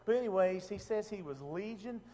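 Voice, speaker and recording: A man's voice: high voice, animated, brisk, warm tone, big-room sound. A man teaching a Bible passage in a casual, conversational way, often asking the room questions and restarting his sentences. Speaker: preacher.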